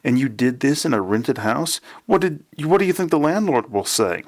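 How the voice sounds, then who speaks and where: A large bearded man speaks with dry humor and a gruff edge, as a man reading a novel voices him. He sounds like an ordinary man of middle years. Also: medium pitch, lively intonation, moderate pace, voice pushed up. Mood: wry. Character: big bearded middle-aged man, wry.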